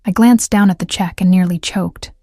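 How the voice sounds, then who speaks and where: Woman, audiobook narrator, first-person romance, measured delivery, mellow tone, dry close mic. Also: lowish voice, fairly even intonation, no echo.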